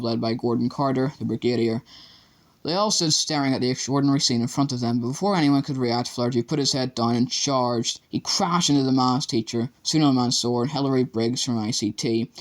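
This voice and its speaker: A man reads an audiobook chapter with a middle-range pitch. His narration is measured and dramatic, carrying the action steadily.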